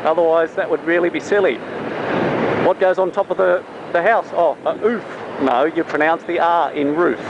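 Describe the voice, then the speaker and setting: Australian man, casual jokey tutor, recorded in a car, dull lo-fi sound. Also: fairly high pitch. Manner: chatty, self-mocking, drawn-out demonstration words. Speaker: vlogger teaching Australian pronunciation. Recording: muffled with loud traffic noise.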